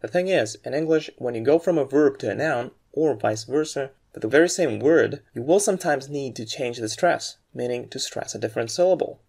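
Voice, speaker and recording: Man, mid-pitched, gravelly, measured teacher, scripted lesson narration. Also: expressive, darkish tone. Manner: clear, measured explanation with read example sentences. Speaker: aviation English teacher.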